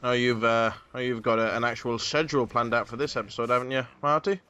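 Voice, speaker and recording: A man's voice: mid-range voice, fairly even intonation, fast talker, bright, forceful tone, clear, resonant tone, muffled recording. A man hosting a casual podcast, rambling with many fillers. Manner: rambling, filler-heavy planning talk. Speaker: podcast host.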